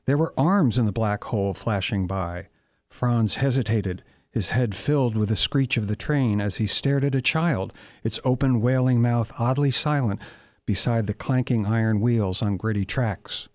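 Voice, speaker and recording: Man reading his novel aloud, measured. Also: medium pitch, darkish tone, dry recording. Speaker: author.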